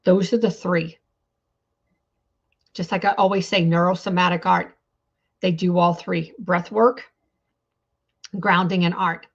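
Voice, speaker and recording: A woman's voice: fairly low pitch, fairly even intonation, measured pace, creaky, pauses often, highs cut off. A woman hosting a healing talk show, speaking earnestly in a coaching tone, repeating phrases and using many fillers. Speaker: podcast host on trauma healing.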